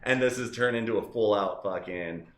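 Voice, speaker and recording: A man's voice: lowish voice, fairly quick, reverberant. A man running a tabletop game as game master, casual and joking, laughing often.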